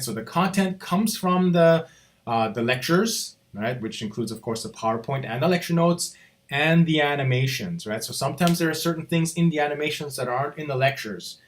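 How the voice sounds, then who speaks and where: A man teaching a college course in a recorded walkthrough, chatty and relaxed, checking in with "right?" after nearly every point. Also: on the high side. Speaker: college instructor. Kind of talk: recorded screen-walkthrough lecture.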